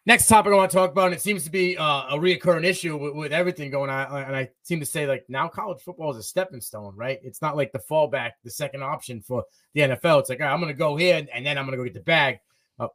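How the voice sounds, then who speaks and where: A man hosting a college football talk show, eager and quick to agree in casual chat. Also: fairly high pitch, a bit bright. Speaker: host.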